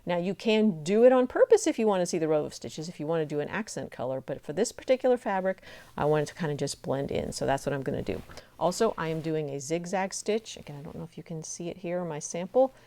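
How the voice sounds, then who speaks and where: Low-voiced woman teaching a sewing project. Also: expressive, fast talker, dark tone. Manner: chatty and encouraging, talks while working. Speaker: sewing tutorial host. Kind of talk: step-by-step craft demonstration.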